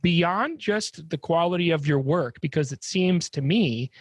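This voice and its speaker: A man's voice: on the high side, expressive, a little slow, no echo. A man hosting an interview, asking probing questions and checking in often. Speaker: podcast host.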